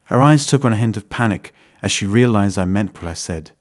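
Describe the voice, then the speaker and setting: Brief: male narrator, lowish voice, measured dramatic storytelling. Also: animated. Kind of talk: scripted first-person story narration.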